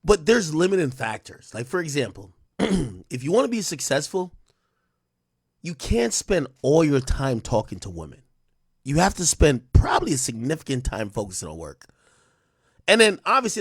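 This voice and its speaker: A man hosting a live stream, reading out donations in loose, profane, casual chat with loud excited bursts. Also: mid-range voice, normal speed, breathy edge, dry recording, studio quality.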